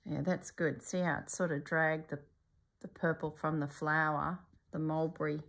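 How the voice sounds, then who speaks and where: A middle-aged woman talking through a stitch-along embroidery tutorial in a calm, musing way, often dropping to a soft whisper. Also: low voice, moderate pace, vocal fry. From Australia.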